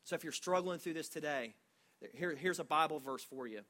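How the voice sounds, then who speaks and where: A man's voice: fairly high pitch, bright, forceful tone. Man preaching a conversational sermon. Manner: conversational, storytelling, halting restarts. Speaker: pastor.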